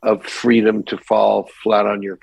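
An older man with a low, husky voice tells a story in a podcast interview. The recording sounds dry and close. He is an animated storyteller. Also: unhurried, no echo, poor audio. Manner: animated anecdote teller, mimics voices in quotes. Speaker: actor guest.

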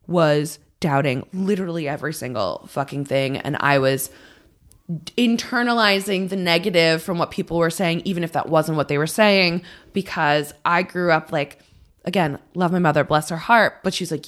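Thirties woman on a podcast, kinda low voice, rambles and swears a lot, pokes fun at herself. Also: normal speed, a bit bright. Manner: rambling, swears freely, self-deprecating. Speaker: podcast guest. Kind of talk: candid casual chat.

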